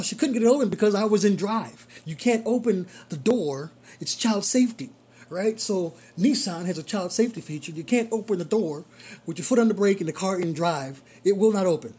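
Husky-voiced driver telling a story. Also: mid-range voice. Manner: animated, repeats phrases for emphasis. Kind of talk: casual storytelling monologue.

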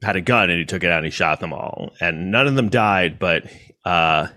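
A man's voice: sits low, normal speed, bright, forceful tone. A man from New York City telling a personal story in a casual monologue, rambling with restarts and asides.

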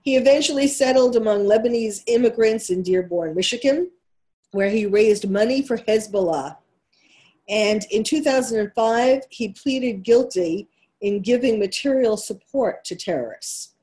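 A woman's voice: a little high, moderate pace, dark tone. A woman with a New York accent hosting a talk radio show, delivering an emphatic monologue full of rhetorical questions.

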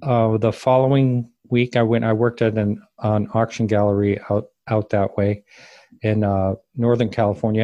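Halting, self-correcting man in a dry recording. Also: fairly low pitch, mellow, no echo. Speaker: interview guest. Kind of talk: casual spoken recollection.

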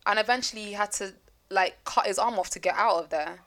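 A woman's voice: medium pitch, a little fast, fairly bright tone. A woman co-hosting a podcast, chatting and teasing, then telling a true-crime story. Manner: chatty, teasing, swears casually. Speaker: podcast co-host.

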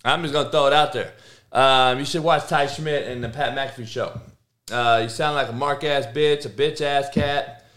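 Slangy foul-mouthed guy hosting a podcast, talking back to chat, mid pitch. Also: steady tone, normal speed, a bit bright. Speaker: podcast host. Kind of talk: casual live-stream chat.

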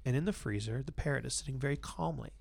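A podcast host with a gravelly, creaky voice at a middle pitch, telling a long joke in loose, conversational fashion. He rambles animatedly and restarts his sentences as he builds toward the punchline. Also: quick pace, darkish tone.

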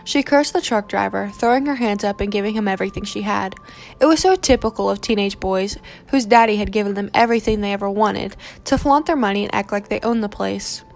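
A woman reading a romance novel aloud in steady, measured narration. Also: mid-range voice, gravelly, slight background noise.

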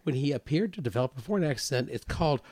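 A man in casual podcast chat, speaking haltingly with many fillers. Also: medium pitch, expressive, a little mellow, breathy edge, dry recording.

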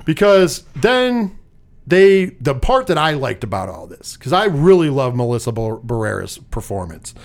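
Un uomo, conduttore di un podcast, racconta con animazione la trama di un film in una chiacchierata informale, spesso con parolacce. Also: male voice, mid-range voice, moderate pace. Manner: animated retelling with frequent swearing. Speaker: podcast host. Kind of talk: casual film review chat.

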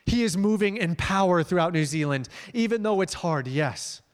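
A young man giving a casual, animated sermon as a guest missions leader. He shifts between emphatic high points and quiet asides, with fillers and restarts. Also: moderate pace. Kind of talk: conversational sermon. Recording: long hall reverb.

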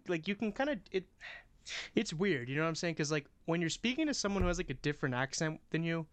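A man co-hosting a podcast, chatty and casual with quick asides. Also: a little high, no echo. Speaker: podcast co-host. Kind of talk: casual chat.

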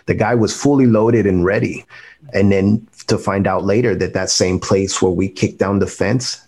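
A man's voice: deep voice, a little mellow, slightly rough. A man giving an earnest, emotional personal testimony on a faith interview, restarting his sentences as he goes. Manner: faith-filled, speaks of God and prayer. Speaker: guest.

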